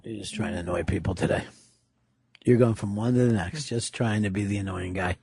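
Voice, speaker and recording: A man's voice: fairly low pitch, a little fast, vocal fry, mellow, breathy edge, dry recording. A man hosting a radio show, teasing and needling his co-host in casual studio banter.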